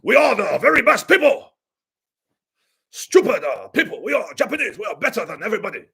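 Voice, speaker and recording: A man's voice: high-pitched, expressive, moderate pace. A man putting on a boastful emperor. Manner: proud, declaiming. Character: arrogant boastful male wartime emperor.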